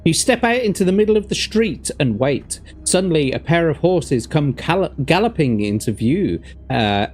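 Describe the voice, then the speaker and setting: A man's voice: fairly high pitch, darkish tone. A man as game master reading a gamebook aloud, narrating with stumbles and self-corrections.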